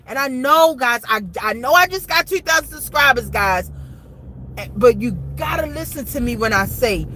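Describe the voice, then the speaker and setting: A woman's voice: high voice, sharp tone, poor audio. A woman vlogger speaking urgently to her viewers, repeating herself and calling them guys. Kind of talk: emotional commentary to camera.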